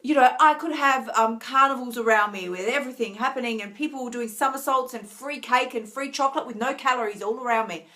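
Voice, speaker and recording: A tired, emotional woman coach talking earnestly to viewers on a live stream, restarting often and laughing softly. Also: fairly high pitch, brisk, few pauses. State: tired, near tears. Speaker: wellness coach.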